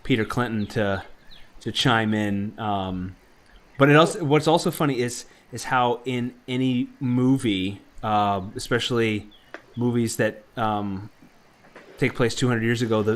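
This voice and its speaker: A man in a relaxed group chat, his voice sitting at an ordinary middle pitch. He rambles, restarts his sentences and leans on fillers as he shares history trivia. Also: a little slow. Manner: rambling, many fillers and restarts, laughs easily. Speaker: podcast co-host.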